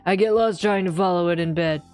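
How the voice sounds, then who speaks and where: A woman voicing a gravelly old man in game dialogue on a stream, grumbling dry asides. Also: on the low side, brisk, darkish tone, faint music behind, pitched below the performer's own voice, natural voice. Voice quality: graspy, gravelly put-on voice.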